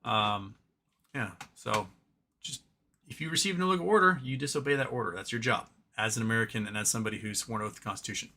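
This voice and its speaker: A man's voice: lowish voice, quick pace, bright, forceful tone, slight background noise. A man hosting a casual livestream, reading viewer comments aloud and rambling through opinionated commentary with many restarts. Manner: rambling, opinionated, drops to a mumble talking to his cat.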